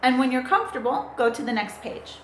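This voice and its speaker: A woman's voice: high-pitched, lively intonation, brisk, fairly bright tone, slight background noise. A woman teaching English grammar in a recorded lesson, patiently spelling out letters and asking the listener questions. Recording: echoey room.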